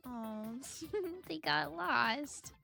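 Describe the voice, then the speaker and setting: A woman's voice: high voice, expressive, extremely slow, creaky, sharp tone. A woman streamer giving casual, chatty commentary on a game, laughing often and reading game text aloud. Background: game music.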